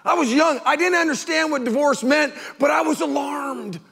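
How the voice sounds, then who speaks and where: A man preaching a sermon as pastor, animated and emphatic, firing off rhetorical questions at his congregation. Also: very high voice, moderate pace, gravelly, long reverb tail.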